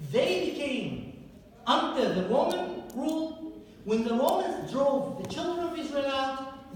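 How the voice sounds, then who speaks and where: Man lecturing in an echoey hall. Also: very high-pitched. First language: Arabic. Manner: emphatic, repeats and lists points. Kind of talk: history lecture. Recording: echoey hall, distant mic, faint noise.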